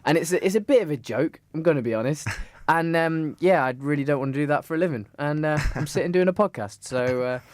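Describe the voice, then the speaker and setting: A man's voice: fairly high pitch, quick pace, few pauses, no room sound, clean studio sound. A young man co-hosting a podcast, telling a long story in casual chat, full of fillers and restarts. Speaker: podcast co-host.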